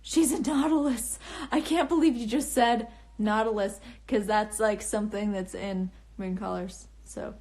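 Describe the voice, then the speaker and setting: A woman's voice: mid-range voice, steady tone, moderate pace, hardly any pauses, darkish tone. A young woman casually chatting on a phone livestream, answering comments in a bubbly, rambling way with lots of restarts and laughs. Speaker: livestream host and author. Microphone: phone camera.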